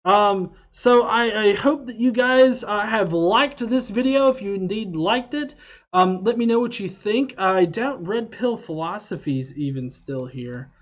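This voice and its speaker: A man's voice: high voice, lively intonation, unhurried, lo-fi sound. A man hosting a casual livestream, rambling and swearing, with lots of fillers and restarts. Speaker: livestream host.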